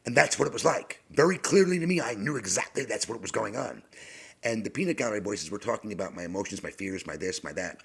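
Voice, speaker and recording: Middle-aged male storyteller, deep gravelly voice, rambling and halting, slips into whispers. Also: fairly bright tone. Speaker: podcast host. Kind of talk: personal storytelling monologue.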